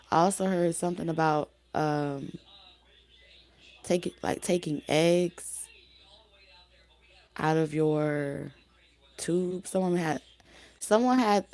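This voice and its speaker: A woman giving a casual spoken tarot reading, talking loosely with many fillers and restarts, her voice going hoarse. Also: sits low, a little mellow. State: losing her voice. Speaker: tarot reader.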